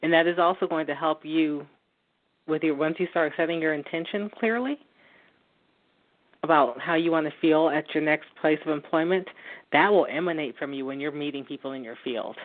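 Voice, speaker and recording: A woman giving a psychic reading in a gentle, reassuring way, laughing easily as she talks. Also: sits low, normal speed. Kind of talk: phone-in psychic reading and chat. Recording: tinny phone line.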